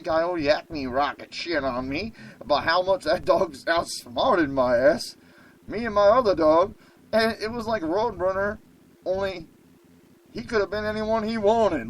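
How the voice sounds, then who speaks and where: A man hosting a radio show, telling a comic story in an excitable, profane way. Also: fairly high pitch, vocal fry, slight background noise, poor audio.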